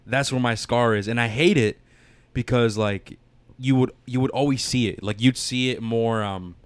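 A man's voice: medium pitch, moderate pace, clean tone, dry recording. Rambling, profane young man telling stories. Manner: rambling, profane storytelling with many restarts. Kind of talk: casual chat.

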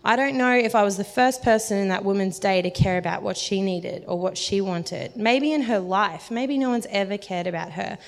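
A woman's voice: mid-range voice, normal speed, creaky, few pauses. A woman preaching a sermon, telling self-deprecating stories in a chatty way and laughing often. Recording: long hall reverb.

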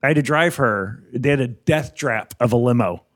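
A man's voice: mid-range voice, normal speed, no echo. Comedian guest, male, laughs through his stories, dry close sound. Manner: animated, laughing storyteller. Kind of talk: casual chat, storytelling.

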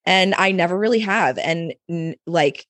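Chatty young woman with a lowish voice. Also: a little slow, a bit bright. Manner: chatty, fillers of "like", frequent laughter. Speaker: podcast co-host. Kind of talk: casual chat.

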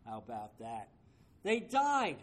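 A man's voice: medium pitch, huge pitch swings, slow. A man leading a Bible study, speaking emphatically, repeating key phrases and asking rhetorical questions, with the odd wry aside.

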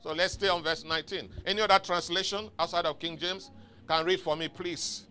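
A man's voice: on the high side, steady tone, fairly quick, pushed and bright, clear, resonant tone. A man preaching a sermon in a church, emphatic and exhorting, calling out to his congregation for responses. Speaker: pastor. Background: faint music from outside.

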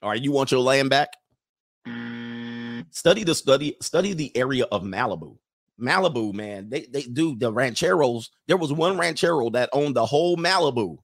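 A man's voice: mid-range voice, moderate pace, dry recording, studio quality. Rambling, laughing livestream host man. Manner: rambling, laughs often, animated banter. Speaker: livestream host reading viewer messages. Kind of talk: casual chat.

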